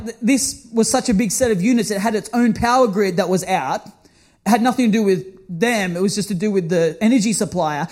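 Man, very high voice, pastor, storytelling sermon, self-mocking, animated.

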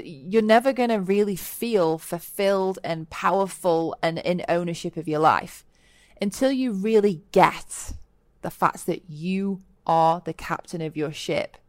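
A woman hosting a solo self-help podcast, talking earnestly and motivationally and acting out quoted moments with lively voices. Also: lowish voice, no echo, clean studio sound. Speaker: podcast host. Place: lives in Bali.

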